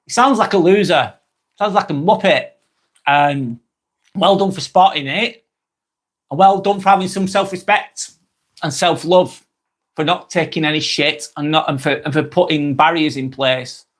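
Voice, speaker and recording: This man in his thirties, broad and strong, talks casually on a live stream while reading viewer comments. He's blunt and chatty, swears a lot, and repeats his phrases, speaking at normal speed in a fairly bright voice a little higher than the typical man's.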